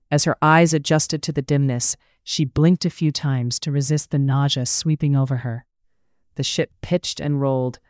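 An audiobook narrator reading a period romance in an even, measured way, close to the mic. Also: mid-range voice, clean tone, dry recording. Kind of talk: scripted narration.

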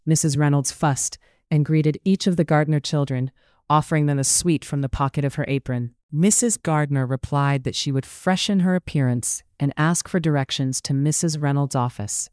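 In a studio-miked recording, an audiobook narrator reads a period novel with a measured, even storytelling delivery. The mid-range voice is smooth, with no room sound. This is scripted narration.

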